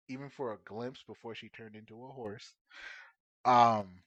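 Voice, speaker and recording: A man playing a tabletop game, talking earnestly and emotionally with many halting fillers. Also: mid-range voice, fairly even intonation, fairly bright tone, no echo. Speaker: player. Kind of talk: casual tabletop role-play.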